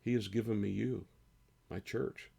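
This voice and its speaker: Slow, gravelly-voiced pastor. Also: male voice, on the low side, fairly even intonation, dark tone. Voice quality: gravelly, husky. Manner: slow, earnest, rises on emotional lines. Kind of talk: slow devotional sermon with scripture reading.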